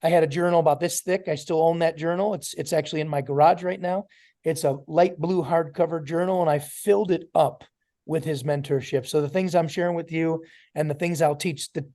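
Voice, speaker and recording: Animated New man telling stories. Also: fairly high pitch. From New York. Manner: animated storyteller acting out dialogue. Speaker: network marketing trainer. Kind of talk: motivational storytelling talk.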